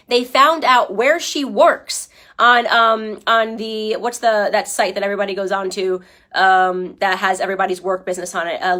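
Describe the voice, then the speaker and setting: A woman with a fairly high voice delivers opinion commentary to viewers watching a livestream. She argues with insistence and drives her points home with repeated "okay?" tags. She keeps turning to her audience with pointed rhetorical questions. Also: fairly bright tone. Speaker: political commentator.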